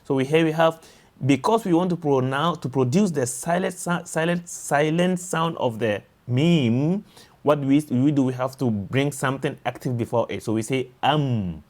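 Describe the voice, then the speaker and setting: A man's voice: fairly high pitch, a little mellow. Patient man teaching letter sounds. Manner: patient, repeats and drills sounds slowly. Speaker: Quran tajwid teacher. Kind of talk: slow explanatory lesson.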